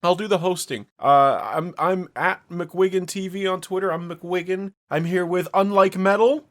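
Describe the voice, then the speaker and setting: A man's voice: high voice, steady tone, moderate pace, a bit bright. A man hosting a casual podcast, rambling and laughing as he tells stories. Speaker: podcast host.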